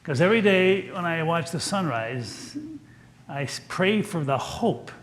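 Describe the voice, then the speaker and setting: An older man preaching a sermon as pastor in a church, telling stories in a gentle, folksy, earnest way. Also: fairly high pitch, animated, a little slow, a little hiss or hum.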